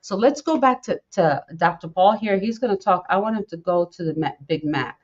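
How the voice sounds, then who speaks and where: A woman's voice: lowish voice, lively intonation, normal speed. A middle-aged woman hosting a podcast, talking in an impassioned, rambling way and repeating herself. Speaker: podcast host. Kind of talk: casual talk. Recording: dull lo-fi sound.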